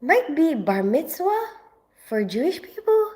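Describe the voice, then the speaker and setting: A woman's voice: high-pitched, sing-song, unhurried, darkish tone. A woman in her forties from the Philippines, chatting casually with viewers on a home livestream, with a stuffy nose from allergies and a rambling, filler-heavy way of talking. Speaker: livestream host. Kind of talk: casual live chat with viewers.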